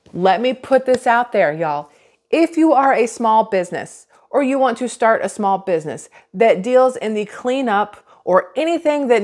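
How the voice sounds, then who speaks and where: A woman's voice: mid-range voice, darkish tone. A woman, giving casual vlog commentary in a chatty, sarcastic, rambling way full of restarts. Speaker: vlogger.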